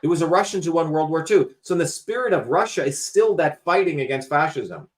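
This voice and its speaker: A man with a slightly high-pitched voice lectures his guest with insistent emphasis. He explains at length in loose, conversational talk and swears casually along the way. He is the host of the show. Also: animated, brisk. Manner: emphatic, lecturing, curses freely.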